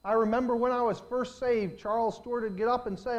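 A high-pitched pastor preaches a sermon from the pulpit with fairly even intonation, yet his voice climbs and swells on key words before dropping to quiet asides. He leans on phrases, slowing to stress them with surges of volume and drawn-out emphasis, speaking directly to his congregation.

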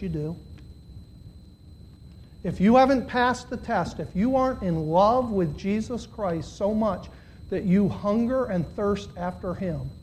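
A man preaching a sermon to a congregation, swinging between loud, high, impassioned stretches and low, earnest appeals. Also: slight background noise. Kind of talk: sermon with altar call. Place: church.

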